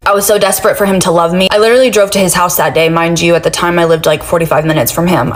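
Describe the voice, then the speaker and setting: A woman's voice: lowish voice, a little hiss or hum. A woman giving blunt, profane advice in a casual straight-talk monologue. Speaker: advice speaker.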